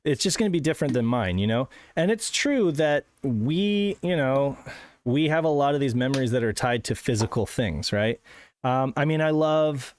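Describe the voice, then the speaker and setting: A man's voice: mid-range voice, animated, normal speed, darkish tone. A man co-hosting a live show, speaking thoughtfully and reflectively in casual chat. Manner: thoughtful, reflective, adds "you know" and "right". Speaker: show co-host.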